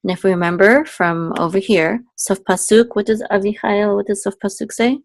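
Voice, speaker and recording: A woman's voice: fairly even intonation, no room sound. Woman tutor, casual one-on-one lesson, patient, step-by-step, checks in often, dry close sound. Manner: sings syllables higher and slower as examples. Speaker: Hebrew cantillation teacher.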